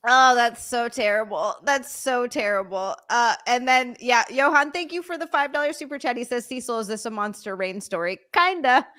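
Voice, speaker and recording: A woman's voice: on the high side, normal speed, hardly any pauses, sharp tone. A woman hosting a comedy podcast, reacting with frequent laughter and reading out viewer super chats. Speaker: podcast host. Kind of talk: casual comedic chat.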